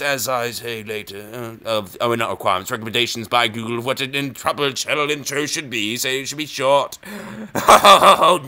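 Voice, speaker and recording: A young man delivers rambling chess commentary that mocks himself, jokey and erratic, punctuated by sudden loud outbursts. His voice is mid-range.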